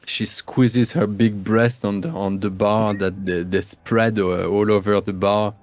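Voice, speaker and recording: A man narrating a tabletop game as game master, halting and searching for words. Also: on the low side, fairly even intonation, darkish tone. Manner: halting, full of fillers and restarts, searching for words.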